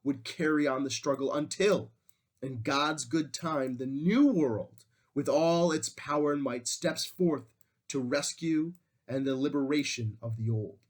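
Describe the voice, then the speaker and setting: A man reading aloud as a defiant male wartime leader, delivering a rousing speech with solemn, measured oratory. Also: on the high side. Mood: resolute.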